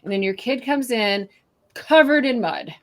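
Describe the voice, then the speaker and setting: A woman's voice: on the high side, lively intonation, measured pace. A woman guest on a podcast, explaining her ideas at length with everyday examples. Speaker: guest author. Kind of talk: podcast conversation.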